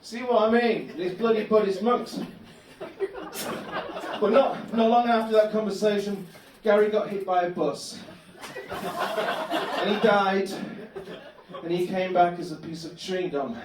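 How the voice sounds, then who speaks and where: In a comedy club bar room, a man does stand-up, delivering absurd tales deadpan in a fairly high voice. He's unhurried, leaving long pauses, and a distant mic catches the echo of the roomy space along with background noise.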